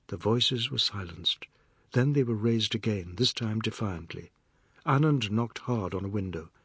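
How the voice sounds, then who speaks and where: This is scripted narration of a novel by a man working as an audiobook narrator, delivered in a steady, measured storytelling way. His lowish voice is slightly rough, and there's no echo.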